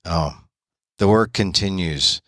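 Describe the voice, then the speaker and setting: An American man with a low voice, hosting and interviewing in a gentle, reassuring tone. He restarts his sentences often as he thinks aloud. The sound is dry and close, with little room around it. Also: slow, no room sound. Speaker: podcast host, interviewer. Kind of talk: casual interview.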